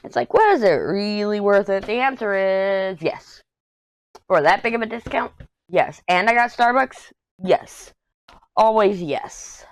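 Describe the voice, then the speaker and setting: This craft vlogger from Texas talks in an unhurried, mid-range voice, rambling through stories as she diamond paints and chats casually.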